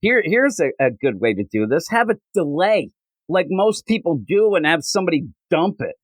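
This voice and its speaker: A man co-hosting a comic book podcast, retelling scenes in casual chat and slipping into quick character voices. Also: fairly high pitch, sing-song, no echo. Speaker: podcast co-host.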